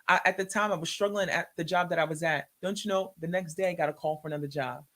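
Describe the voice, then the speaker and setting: Woman giving an animated faith testimony. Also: on the low side, quick pace. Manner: animated, acts out her own and others' words in quotes. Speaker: guest sharing a testimony. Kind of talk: emotional personal testimony.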